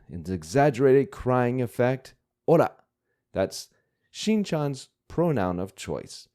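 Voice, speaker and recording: A man explaining vocabulary to learners at an unhurried pace. His voice is low and warm, and his pitch moves around a lot. He works through the grammar patiently and methodically. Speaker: language teacher.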